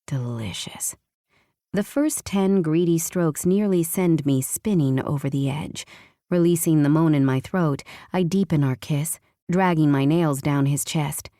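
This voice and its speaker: A woman narrating a first-person romance audiobook with a hushed, intimate delivery. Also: deep voice, measured pace, no room sound, clean studio sound.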